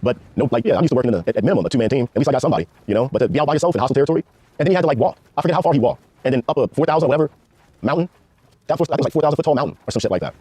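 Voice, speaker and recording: A man tells army stories at a very fast clip, loose and full of swearing. His voice sits dark and mellow, recorded close with no room sound. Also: medium pitch, expressive, husky, no echo. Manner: rapid, profane, laid-back war storytelling. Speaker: guest, former Army Ranger. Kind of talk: casual storytelling interview.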